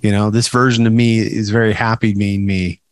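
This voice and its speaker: A man's voice: lowish voice, level tone, normal speed, a crowd in the background. A man co-hosting a podcast, chatting casually and rambling with many restarts. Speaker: podcast co-host. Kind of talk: casual chat.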